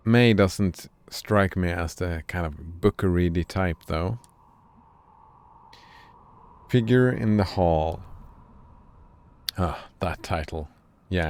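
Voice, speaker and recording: A man streamer reading a video game's dialogue aloud in a deadpan, unhurried way. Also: sits low, smooth.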